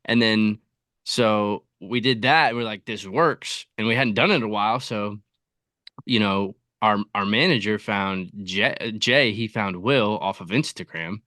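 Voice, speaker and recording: A man's voice: on the low side, measured pace, bright, forceful tone, dry recording, clean studio sound. A man guesting on a podcast, telling his story in an easygoing way with lots of likes and you-knows. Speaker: podcast guest, content creator. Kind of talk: casual interview.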